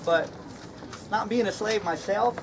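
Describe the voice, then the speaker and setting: A man's voice: sits high, unhurried, gravelly. A man playing a jovial, folksy, slightly mad Straw Hatter in an outdoor comedy skit, chuckling at his own jokes. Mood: jokey. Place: outdoor reenactment event. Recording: outdoor crowd and noise.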